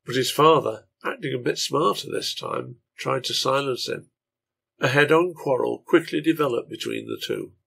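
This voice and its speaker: A man narrating a translated serial novel in a measured storytelling reading. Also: mid-range voice, creaky, fairly bright tone, slightly rough.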